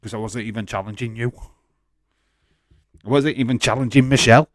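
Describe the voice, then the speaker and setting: A man's voice: medium pitch, steady tone, brisk. A man, hosting a livestream and answering viewers in chat in a defensive, direct way. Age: 40s. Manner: defensive, talks straight to chatters by name. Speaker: livestream host. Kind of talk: casual watch-along chat, answering live chat.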